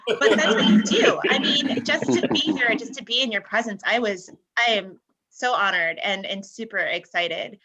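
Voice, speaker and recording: A woman's voice: mid-range voice, normal speed, bright, forceful tone. A woman speaking on a real estate panel, heartfelt and effusive, often restarting her sentences. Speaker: realtor panelist. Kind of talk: panel discussion.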